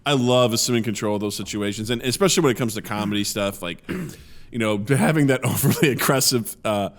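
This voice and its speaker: A man with a Missouri accent co-hosting a podcast, telling animated stories and laughing often. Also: medium pitch, fairly quick. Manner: animated storyteller, laughs often, acts out quotes. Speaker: podcast co-host. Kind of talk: casual chat.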